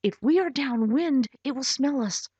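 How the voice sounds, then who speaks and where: A woman's voice: high voice, expressive, measured pace, darkish tone, husky, dry recording, full character voice. A woman voicing a cautious young boy who talks firmly and urgently. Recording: dull lo-fi recording.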